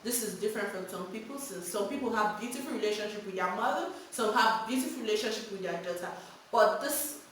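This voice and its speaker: A woman gives frank parenting advice in an animated storytelling vlog. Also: medium pitch, quick pace, slight background noise. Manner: animated, frank, laughs while telling stories. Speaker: vlogger giving parenting advice. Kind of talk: candid storytelling and advice monologue. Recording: very echoey room, mic at a distance.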